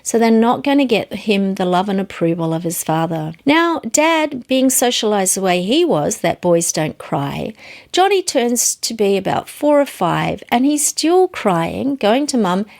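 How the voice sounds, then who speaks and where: A woman's voice: very animated, unhurried, vocal fry, a little mellow. A woman teaching psychology, telling illustrative stories in an earnest way, lifting her voice for emphasis. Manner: earnest storytelling, varies pitch for emphasis.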